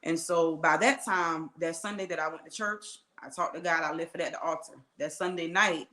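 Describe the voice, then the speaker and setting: A woman's voice: sits low, a little fast, bright, forceful tone, roomy sound. A woman guest telling her life story in an earnest, conversational way, with many asides and acted-out quotes. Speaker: interview guest.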